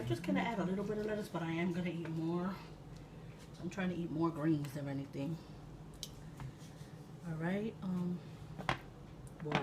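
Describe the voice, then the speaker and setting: A woman from Puerto Rico in her thirties, an excitable, chatty cooking-channel host with sudden loud exclamations and laughter, talking casually in her home kitchen. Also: on the low side. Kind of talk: casual cooking vlog chat. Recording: distant mic with room noise.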